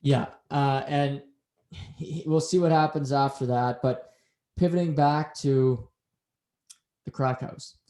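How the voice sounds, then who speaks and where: Guy on a podcast walking through an episode, acts out the quotes, mid pitch, kinda echoey room. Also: slow pace, long pauses. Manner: animated storytelling, acts out quotes. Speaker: podcast co-host. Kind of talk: casual show recap chat. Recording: roomy echo.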